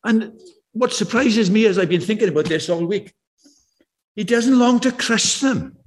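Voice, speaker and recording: An older man preaching a sermon, chatty and anecdotal, slowing down to repeat key words with emphasis and dropping in wry, self-deprecating asides. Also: high-pitched. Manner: conversational and anecdotal, with slow emphatic repetition.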